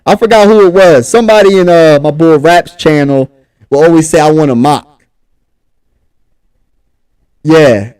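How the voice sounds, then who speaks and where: A man's voice: on the high side, normal speed, a little mellow, clean tone, dry recording. A man from Pennsylvania, hosting a casual livestream sports talk show and talking straight to his chat in a hyped way.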